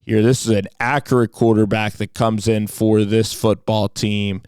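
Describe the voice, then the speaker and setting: A man's voice: on the low side, level tone, moderate pace, darkish tone, clean tone, dry recording. An enthusiastic man giving a casual football film breakdown, with frequent "like" and "you know" fillers.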